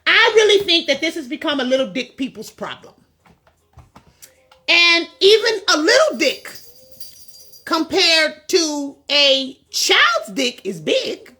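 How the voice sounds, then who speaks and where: A woman's voice: high voice, sing-song, slow pace, pushed and bright. A woman hosting a vlog, talking in a blunt, frank casual monologue with many fillers, recorded on a phone. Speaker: vlog host.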